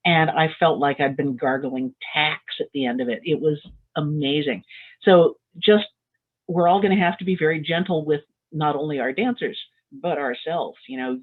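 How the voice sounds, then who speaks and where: A woman and dance caller talking casually on a panel over a video call, chatty, with her pitch swinging up and down. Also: breathy edge. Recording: tinny phone-like line.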